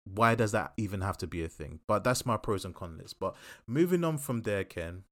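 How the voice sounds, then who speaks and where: A man hosting a casual chat podcast, talking in a passionate and opinionated way with quick asides. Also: lowish voice, animated, no echo, clean studio sound. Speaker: podcast host.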